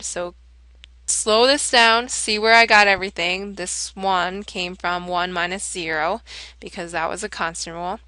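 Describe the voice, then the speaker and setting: A woman's voice: medium pitch, bright, forceful tone, clean tone, no echo. A woman teaching a calculus lesson, explaining each step in a casual, chatty way and correcting herself as she goes. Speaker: math teacher. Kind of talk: whiteboard lesson walkthrough.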